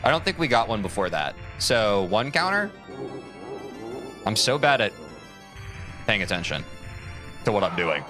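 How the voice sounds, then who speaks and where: A man's voice: on the low side, sing-song, measured pace, pauses often, bright, forceful tone, soft background music. A young man streaming a speedrun, chatting casually with his viewers, answering their messages and swearing freely. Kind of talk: casual live-stream chat while playing.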